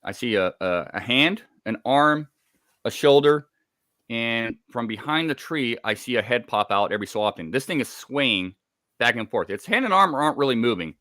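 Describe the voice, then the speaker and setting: A middle-aged man from Scotland telling a personal story in a halting, casual way, repeating words as the tension builds. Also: medium pitch, expressive, sharp tone, no room sound, studio quality. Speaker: guest telling an encounter story.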